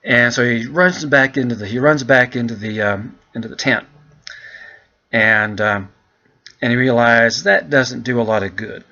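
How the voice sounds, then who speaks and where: A man teaching English, walking students through an essay in a relaxed, chatty way and calling them "guys". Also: medium pitch, normal speed, highs cut off. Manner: relaxed, chatty, keeps addressing the class as "guys".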